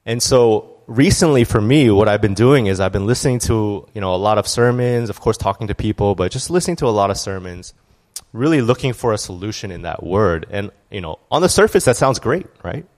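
Man, lowish voice, church speaker; chatty sermon, candid storytelling, restarts and asides. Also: animated, a little fast, a little mellow. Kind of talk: conversational sermon.

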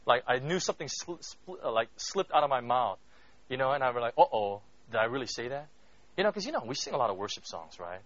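A male pastor with a slightly high voice preaches in a loose, conversational way, forever checking in with his listeners. He moves between loud emphatic bursts and quiet, hushed moments. The recording sounds muffled and lo-fi. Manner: conversational, keeps asking "right?". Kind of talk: sermon. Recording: dull lo-fi recording.

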